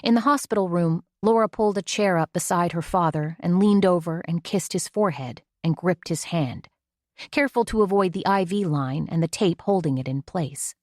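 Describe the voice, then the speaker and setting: A woman's voice: on the low side, normal speed, no room sound, studio quality. A woman narrating an audiobook in a scripted reading style, giving the characters' dialogue in her own voice.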